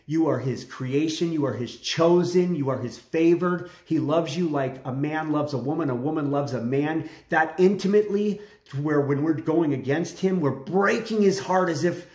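A man's voice: on the high side, moderate pace, few pauses, darkish tone. Man preaching casually in an echoey room. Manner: casual slangy preaching with restarts. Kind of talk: informal sermon video.

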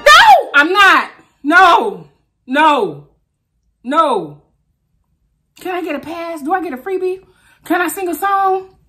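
A woman food vlogger talking casually to camera while eating, animated and exclaiming, chanting at a spinning wheel. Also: very high-pitched, takes it slowly, long pauses.

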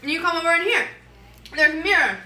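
A woman's voice: extremely high pitch, fast, roomy sound, a loud crowd. A young woman giving a giggly, rambling hotel room tour to a friend's camera. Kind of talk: casual vlog chat.

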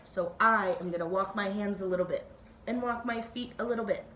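A woman teacher guiding children through a slow, playful yoga flow with animal sounds, recorded at home. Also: mid-range voice, pushed and bright, echoey room, slight background noise. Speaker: Montessori teacher leading kids' yoga. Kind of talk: gentle guided yoga instruction for children. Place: at home, dog nearby.

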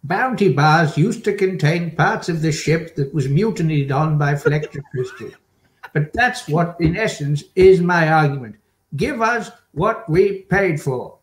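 Slow-talking guy, deadpan complaints, bit echoey room. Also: on the high side. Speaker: improv performer playing a pundit. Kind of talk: improvised comedy.

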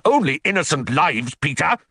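A man's voice: on the high side, sing-song, moderate pace, breathy edge, dry recording, exaggerated voice. A male audiobook narrator voicing a furious, vengeful man who roars at a traitor. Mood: cold. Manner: roaring, forceful. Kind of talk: audiobook reading.

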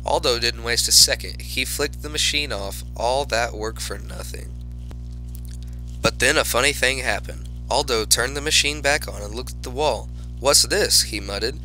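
A man narrating a children's storybook in the first person as a class pet hamster, with lively exclamations. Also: mid-range voice, moderate pace, soft background music, poor audio. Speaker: audiobook narrator.

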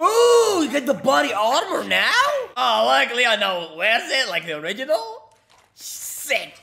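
Excitable young streamer with a high voice. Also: male voice, a little slow, gravelly. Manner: excitable, swearing, laughing often. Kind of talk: casual gameplay commentary.

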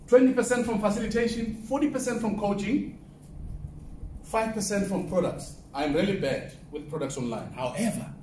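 High-voiced man speaking in an echoey hall. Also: normal speed, darkish tone, distant mic, a little hiss or hum. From southern Africa. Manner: conversational, asks the audience questions. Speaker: keynote speaker. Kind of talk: motivational business talk. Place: conference room, live audience. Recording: echoey room from off-mic.

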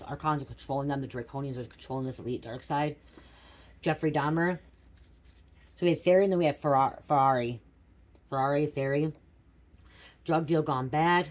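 Middle-aged woman, low-pitched, casual card reader thinking out loud. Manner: musing aloud, repeating words. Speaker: tarot reader. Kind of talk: casual spiritual card reading.

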